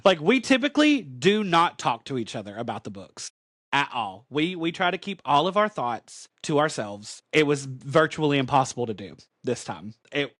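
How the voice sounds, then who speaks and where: A man's voice: a little high, sing-song, moderate pace, a bit bright, no room sound, studio quality. A man co-hosting a podcast, giving a chatty, emphatic comic book recap full of "like". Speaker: podcast co-host.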